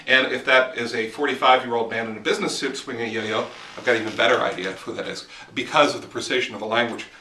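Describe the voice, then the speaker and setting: A man's voice: medium pitch, steady tone, fast, hardly any pauses, pushed and bright, echoey room, recorded from a distance, slight background noise. A man teaching writing in a casual, explanatory monologue while walking outdoors in the woods, filming on a handheld camera. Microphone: handheld camera mic.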